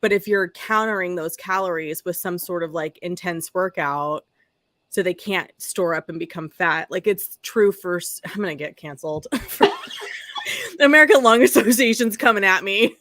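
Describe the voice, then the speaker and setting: A woman under forty-five co-hosting a casual podcast chat, animated and profane, laughing often between quick asides. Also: on the low side, no room sound. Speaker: podcast co-host.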